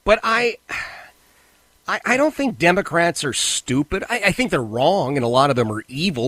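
A man's voice: normal speed, no echo. A man hosting a talk radio show, delivering an indignant monologue. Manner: animated, indignant, pitch jumps when worked up.

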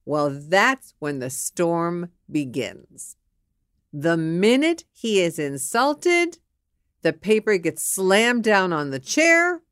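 A middle-aged woman host giving a frank monologue, candid and animated, who acts out both sides of a scene. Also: on the low side, slow, smooth, dry recording.

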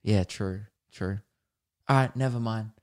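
A man's voice: on the low side, a little slow. A young man hosting his own podcast as a comedian, rambling casually, swearing often and laughing at his own stories. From Australia. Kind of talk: casual solo podcast chat.

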